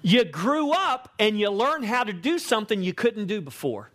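A man preaching a sermon, emphatic, slowing to stress key words and asking the congregation questions. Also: sits high, big pitch swings, fairly bright tone. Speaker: pastor.

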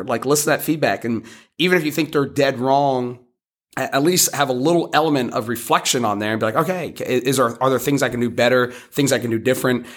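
A man talks at a brisk, fast clip, swapping stories from his street preaching. His delivery is casual and rambling, full of restarts and asides, like a host chatting on a podcast. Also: medium pitch, a bit bright. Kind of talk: casual conversational storytelling.

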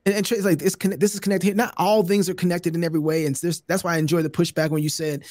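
A man talking as a podcast host, casual and animated, often breaking into laughter and restarting his thoughts. His voice sits a bit high for a man, and the sound is close and dry with no room around it. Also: rapid-fire, hardly any pauses, dry recording. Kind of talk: casual chat.

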